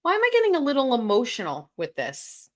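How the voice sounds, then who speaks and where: A woman hosts a casual livestream and chats to her viewers as she goes. She is excitable and swears freely, and her voice sits a little high. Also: fast talker. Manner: excitable, swears often, laughs and gasps. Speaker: livestream host. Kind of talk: casual livestream chat, opening gifts.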